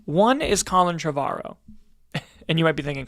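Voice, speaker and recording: A man's voice: fairly high pitch, very animated, normal speed, fairly bright tone, no echo, studio quality. A man co-hosting a movie news roundtable podcast, talking casually with candid, profane jokes. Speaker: podcast co-host.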